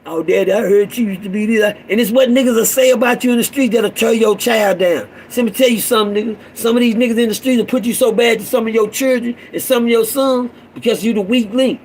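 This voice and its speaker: A middle-aged man preaches to other fathers in a high-pitched voice. He repeats his points with fervent urgency, then drops into a low growl when he gets serious, with a faint hiss underneath. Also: steady tone, fast talker, few pauses, low-quality recording. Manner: fervent, repetitive, swings between raised urging and low growl. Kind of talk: impassioned street-sermon monologue.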